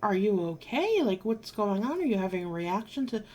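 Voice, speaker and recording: Woman, vlogger, casual storytelling, emphatic, exasperated, swears, mid pitch. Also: very animated, normal speed, dark tone. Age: adult, married.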